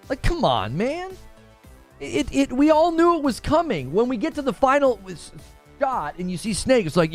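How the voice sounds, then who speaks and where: Animated man hosting a livestream. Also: extremely high pitch, moderate pace, soft background music. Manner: animated, excitable, repeats himself, shouts when cheering. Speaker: livestream host. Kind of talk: casual livestream chat.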